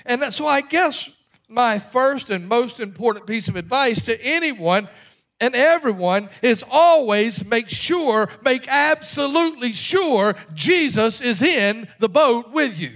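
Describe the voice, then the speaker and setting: A middle-aged male pastor preaching a sermon with emphatic delivery that swings from hushed asides to shouted appeals. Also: very high-pitched, animated, a little slow.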